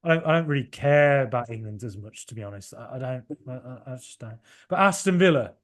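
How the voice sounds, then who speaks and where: Podcast host, man in his forties, passionate and rambling, jumping from loud outbursts to mutters. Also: mid-range voice, lively intonation, a little fast. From Ireland. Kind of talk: excited solo match reaction.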